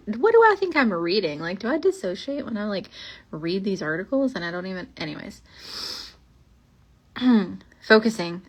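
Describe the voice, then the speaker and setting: A woman's voice: mid-range voice, fairly bright tone. A young woman hosting a podcast, reading old ghost stories aloud and rambling in a casual, chatty way, full of fillers and asides. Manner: rambling and chatty, many fillers, slows down for spooky lines.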